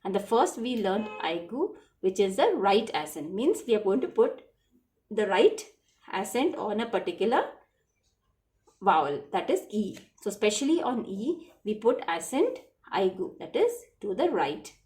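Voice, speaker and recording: A woman's voice: medium pitch, big pitch swings, moderate pace, a little mellow. A woman, teaching French to children in a patient lesson, repeating each word.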